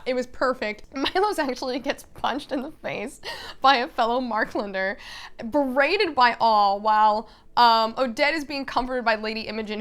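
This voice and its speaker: A woman vlogger chatting casually and recapping a story in an animated way. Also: fairly high pitch, clean tone. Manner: animated, chatty, full of fillers and laughs.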